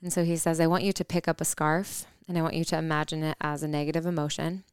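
A woman's voice: sits low, level tone, quick pace, clear, resonant tone, no echo, studio quality. A woman in her thirties earnestly telling a personal story on a podcast, reflective, with fillers and restarts. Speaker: podcast co-host.

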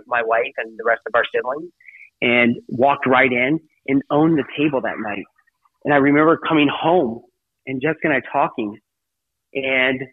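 A man's voice: medium pitch, no room sound. Rambling middle-aged man over a phone line. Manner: rambling, heavy use of "you know". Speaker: interview guest. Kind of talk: personal storytelling. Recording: tinny phone-line sound, dry.

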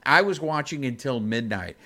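A man's voice: mid-range voice, expressive, moderate pace, bright, forceful tone. A man co-hosting a casual podcast, telling a story in a rambling, emotional way with many restarts. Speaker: podcast co-host. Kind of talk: casual chat.

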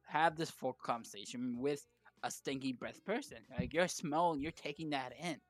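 A man's voice: mid-range voice, moderate pace, no echo. A young man co-hosting a podcast, talking bluntly and emphatically in casual chat. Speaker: podcast co-host. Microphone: studio podcast mic.

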